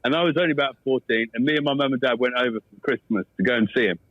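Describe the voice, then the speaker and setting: An English man, a former cricketer, chatting as a podcast guest in a jokey, animated way. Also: mid-range voice, no room sound, lo-fi sound. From England. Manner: jokey, animated, quick to laugh. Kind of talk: casual chat and storytelling.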